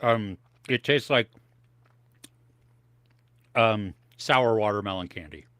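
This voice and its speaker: Low-voiced man in casual live chat. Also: slow, a bit bright, dry recording. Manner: rambling, tries snacks on air. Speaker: podcast co-host. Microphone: home office setup.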